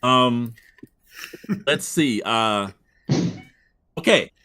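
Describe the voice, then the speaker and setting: Halting male game master, lots of fillers. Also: medium pitch, lively intonation, sharp tone, clean tone. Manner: halting, many fillers and restarts. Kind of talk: running a tabletop game.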